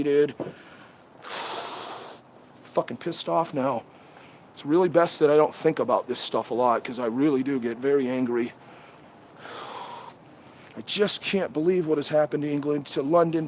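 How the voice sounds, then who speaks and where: A man with a notably high speaking voice vents in a rambling, swearing livestream rant. He is recorded outdoors among trees on a head-mounted camera. A faint background hum sits under his voice. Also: a bit bright. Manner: profane, heated, rambling. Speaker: livestream host.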